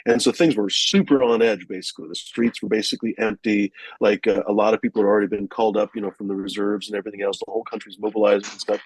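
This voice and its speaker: A rapid-fire man with a husky, breathy voice tells a rambling story. He swears freely, stacks fillers and restarts, and sounds close and dry on the mic. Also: lowish voice, steady tone, dry recording, poor audio. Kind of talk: casual storytelling.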